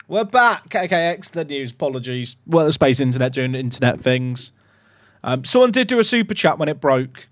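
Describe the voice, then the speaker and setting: A young man streaming a football management game, commentating casually with sarcastic, excitable swings. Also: fairly high pitch, moderate pace, dry recording. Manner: animated, sarcastic, swings between excitement and mock despair. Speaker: gaming streamer.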